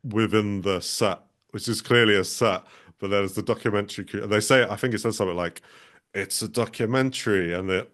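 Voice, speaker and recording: Hesitant man with a low voice. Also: steady tone, fast talker, fairly bright tone. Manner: hesitant, thinks aloud. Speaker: podcast co-host. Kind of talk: casual film chat.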